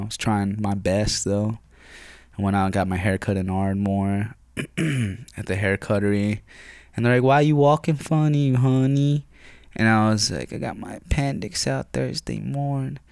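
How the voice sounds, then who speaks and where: A young man with a low voice tells a rambling story in a loose, profane ramble. He sounds close to the mic in a dry room with no echo. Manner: rambling, profane, swears constantly. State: recovering from surgery. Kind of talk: casual storytelling.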